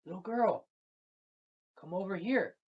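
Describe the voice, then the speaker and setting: A storyteller voicing a small, kind fern spirit that calls out gently and offers its roots. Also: medium pitch, lively intonation, measured pace, slightly rough, pitched above the performer's own voice. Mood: calling softly. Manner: soft, beckoning, then encouraging. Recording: dull lo-fi recording.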